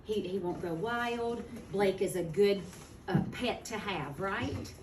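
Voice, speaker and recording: Teacher woman in an echoey classroom. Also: mid-range voice. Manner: clear, deliberate teacher talk, slowing to model words. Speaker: second grade teacher. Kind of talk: classroom phonics lesson. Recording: echoey classroom from far off, noisy.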